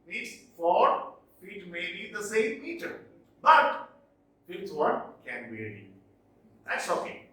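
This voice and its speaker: Slow, deliberate male teacher in an echoey room. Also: high voice, huge pitch swings, pushed and bright, far from the mic. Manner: slow, deliberate, chanting verse lines with heavy stress. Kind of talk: classroom lecture on poetic meter.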